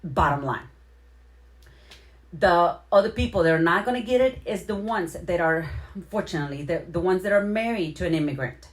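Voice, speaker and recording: A woman with a slightly low voice talks casually to her live-stream viewers. She repeats and rephrases herself as she explains, then greets people one by one by name. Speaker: livestream host.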